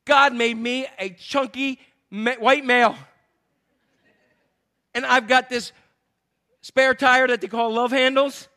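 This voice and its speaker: A man preaching a sermon, animated, swinging between loud exclamations and hushed asides. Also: very high voice, slow, long pauses. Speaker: pastor.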